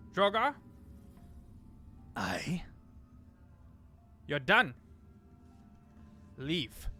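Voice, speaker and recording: A man voicing a male human ambassador who proclaims in a loud, booming, formal voice. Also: exaggerated voice.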